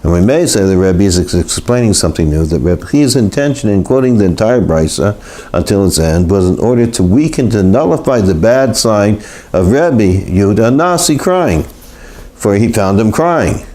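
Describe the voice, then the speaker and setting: A man teaching a live Torah class, talking haltingly with many repeated words and restarts. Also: lowish voice, animated, warm tone. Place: classroom in Los Angeles.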